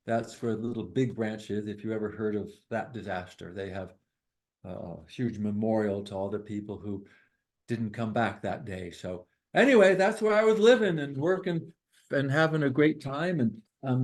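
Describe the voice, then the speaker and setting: A man reading poems at an online poetry gathering, slowly and deliberately, with chatty asides between them. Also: mid-range voice, poor audio. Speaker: poetry reader at an open mic. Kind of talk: casual reading and commentary. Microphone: online video call.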